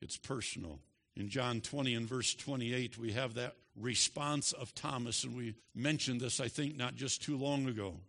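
A man preaching a sermon with emphatic, drawn-out stresses and big swings in pitch and loudness. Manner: leads the congregation in repeating a statement.

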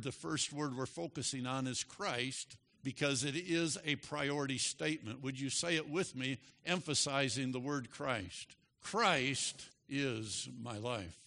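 Man, pastor, sermon, bright, fairly high voice, slow emphatic delivery, long hall reverb. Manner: slow, emphatic preaching with swells in loudness. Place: church sanctuary.

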